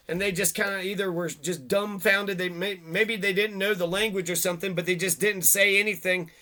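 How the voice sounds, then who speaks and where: High bright-voiced guy reading history off a page, trips on words, swears a lot. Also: steady tone, moderate pace, hardly any pauses. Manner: profane, stumbles over words while reading. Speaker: video host. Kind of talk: reading history aloud, then ranting commentary.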